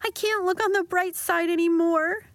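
A woman's voice: steady tone, normal speed, a bit bright, no echo. A woman putting on a weepy young girl. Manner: high, tearful pleading. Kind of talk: storybook reading.

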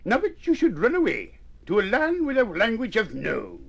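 A man voicing a kindly, calm male friend in a storybook, patient and coaxing. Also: high voice, normal speed, creaky, voice pushed up, exaggerated voice.

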